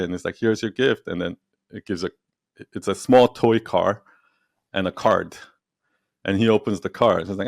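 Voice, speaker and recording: Low gravelly man telling a story. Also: fairly quick, no room sound, studio quality. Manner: animated storyteller, acts out quotes, laughs often. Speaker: podcast guest, entrepreneur and storyteller. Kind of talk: casual conversational interview.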